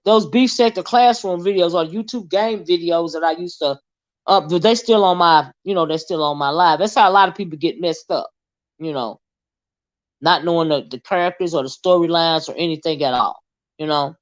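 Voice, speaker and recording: This livestream host is a woman with a lowish voice who talks at a moderate pace. She teases her viewers in lively, Southern-style banter during casual live chat, over slightly dull lo-fi audio.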